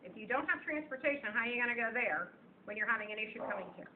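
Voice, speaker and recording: A woman clerk speaks very quickly and firmly, with a fairly high voice. She is picked up thinly, like over a phone, with faint noise around her. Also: expressive, phone-quality sound. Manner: curt, firm and clipped. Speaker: housing office clerk.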